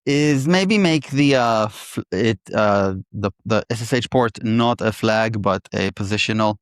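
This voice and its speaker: A man in casual technical chat, pairing on code and thinking aloud with halting restarts. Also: fairly low pitch, clean tone, dry recording, studio quality.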